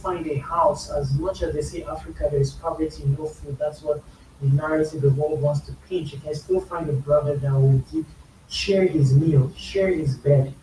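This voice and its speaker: A man's voice: a little high, fairly even intonation, moderate pace, mellow. Nigerian man explaining slang in an echoey room. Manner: explains slang patiently, repeats phrases for emphasis. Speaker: YouTube music reaction host. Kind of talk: casual explanatory commentary. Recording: echoey room, mic a bit far, faint hiss.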